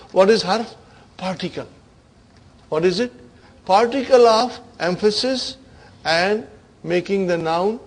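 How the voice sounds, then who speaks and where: A man's voice: high-pitched, poor audio. A man teaching an Arabic grammar class, quizzing his students with repeated questions and slipping into Urdu phrases now and then. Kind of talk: classroom lecture.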